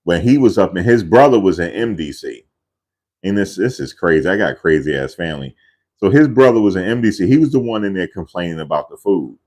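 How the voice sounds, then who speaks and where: Deep-voiced man telling a rambling story. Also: expressive, brisk, darkish tone. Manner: rambling, slangy, repeats himself. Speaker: vlog host telling a family story. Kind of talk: casual storytelling.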